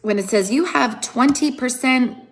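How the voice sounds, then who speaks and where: A woman's voice: high voice, normal speed. A woman giving an earnest, emphatic motivational talk on a phone livestream, often repeating phrases for stress. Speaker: motivational speaker. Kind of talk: live-streamed motivational talk.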